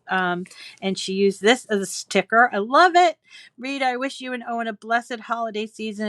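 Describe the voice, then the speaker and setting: Her voice medium-pitched and a bit bright, a crafting channel host casually chats at home while reading holiday cards from viewers, gushing as she goes. There's no echo.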